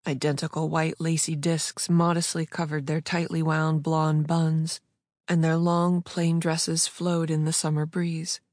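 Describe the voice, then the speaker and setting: A woman narrating fiction in a smooth, measured storytelling voice. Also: low voice, level tone, darkish tone, no room sound, studio quality. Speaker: audiobook narrator. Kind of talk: scripted narration.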